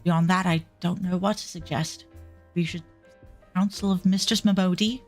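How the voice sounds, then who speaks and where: A woman's voice: lowish voice, steady tone, moderate pace, faint music behind, close to an everyday voice. A woman voicing a harried male reformer in a put-on Cockney accent, agitated and given to cursing outbursts. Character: harried male reformer fleeing powerful enemies.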